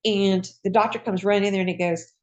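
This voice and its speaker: A woman, a retired nurse, telling her own patient story in a lively, folksy conversational way. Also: medium pitch, quick pace, lo-fi sound. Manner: lively, acts out voices in quoted dialogue. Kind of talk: personal storytelling.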